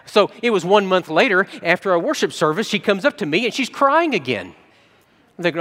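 Male pastor giving a sermon, earnest, restarts a lot, voice slightly high, long hall reverb. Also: very animated, a little fast, a bit bright. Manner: earnest storytelling with frequent restarts.

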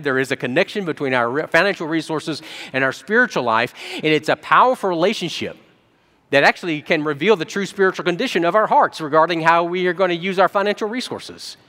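A man preaching a sermon as a pastor, telling stories and jumping between soft low asides and excited quoted voices. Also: quick pace, long reverb tail.

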